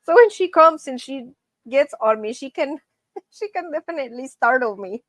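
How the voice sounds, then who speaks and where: Woman host of a casual live show, chatty and laughing, slightly high voice, recorded dry and close. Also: expressive, moderate pace, fairly bright tone, no room sound. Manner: chatty, laughs often, calls viewers friends. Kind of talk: casual live-stream chat.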